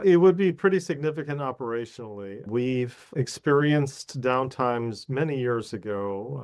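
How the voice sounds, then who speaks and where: A male interview guest with a mid-pitched voice. He answers earnestly and matter-of-factly, working through lists of examples one by one. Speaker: guest, hospital integration architect.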